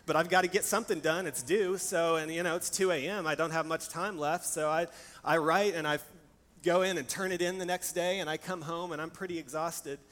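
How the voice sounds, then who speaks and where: A man's voice: fairly high pitch, fairly bright tone. A young adult man preaching a sermon, telling stories in a candid, conversational and personal way. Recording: long hall reverb, faint background hiss.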